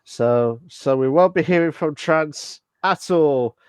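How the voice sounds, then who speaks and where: Smooth-voiced man rambling on a podcast. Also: on the high side, slow pace, no room sound, studio quality. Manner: hesitant, many fillers and restarts. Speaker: podcast co-host. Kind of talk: casual podcast chat.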